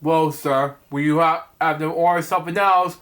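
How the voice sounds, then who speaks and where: A man's voice: on the high side, fairly even intonation, normal speed, fairly bright tone, voice pushed down, natural voice. A man reading as a flustered monster waiter. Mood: apologetic.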